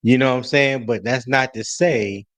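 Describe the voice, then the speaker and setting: A man co-hosting a casual sports talk livestream, speaking in a relaxed, rambling way with many fillers. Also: mid-range voice, normal speed, dry recording. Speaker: podcast co-host. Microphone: streaming mic.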